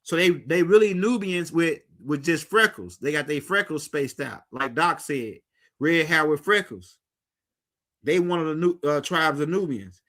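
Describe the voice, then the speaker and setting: A man's voice: on the high side, expressive, unhurried, fairly bright tone. A middle-aged man hosting a livestream, talking in a loose, rambling, slangy way straight to his viewers. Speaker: livestream host. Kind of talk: casual livestream talk.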